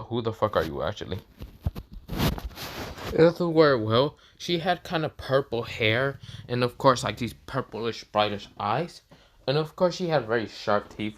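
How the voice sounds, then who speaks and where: A man's voice: medium pitch, a bit bright. A man improvising a fan story in a rambling way, full of fillers like "well" and "of course", with casual swearing. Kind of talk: improvised fan-fiction narration.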